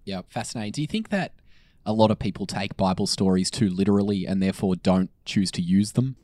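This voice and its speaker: A man hosting a podcast, asking probing, animated questions in casual chat. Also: fairly low pitch, a little fast, no echo. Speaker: podcast host.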